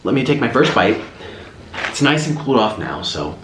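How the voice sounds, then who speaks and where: A man's voice: medium pitch, moderate pace. A young man hosting an eating video, telling stories in a chatty, rambling way while he eats, recorded on a camera mic. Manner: chatty, animated storytelling, rambling asides. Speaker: mukbang host. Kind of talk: casual chat while eating. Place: room at home. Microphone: camera's built-in mic, no separate mic. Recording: echoey room with faint hiss.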